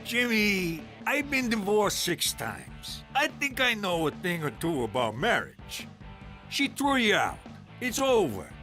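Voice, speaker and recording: Brief: boastful, crude cartoon uncle, high and sharp-toned. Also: male voice, big pitch swings, takes it slowly, soft background music, heavily acted. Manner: coarse, boastful. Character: crude, many-times-divorced older male uncle.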